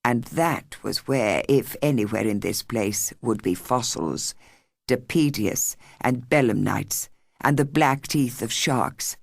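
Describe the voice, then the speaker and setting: A woman narrating an audiobook in a measured, expressive storytelling manner. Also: very deep voice, gravelly, dry recording, studio quality. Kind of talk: scripted narration.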